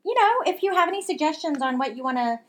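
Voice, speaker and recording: A woman's voice: high voice, lively intonation, fast. A woman co-hosting a book podcast in casual chat, rambling with fillers and restarts. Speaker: podcast co-host.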